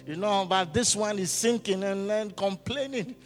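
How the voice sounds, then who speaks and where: A man's voice: high-pitched, normal speed. A man preaching a sermon as pastor, often asking the congregation questions and waiting for them to answer. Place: church hall. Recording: hall reverb with faint music.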